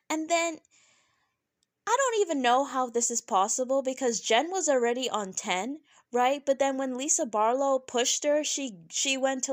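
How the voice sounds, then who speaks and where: A woman reviewing a reality show in casual, opinionated talk, animated and often tagging "right?" onto her points. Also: no room sound, clean studio sound. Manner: animated, keeps asking "right?"; laughs often, mimics people in high voices.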